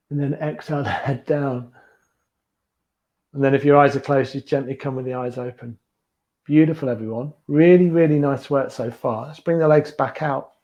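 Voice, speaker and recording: A man leading a beginners yoga class with gentle, encouraging step-by-step cues, teaching from a small room at home. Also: medium pitch, muffled recording. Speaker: yoga instructor.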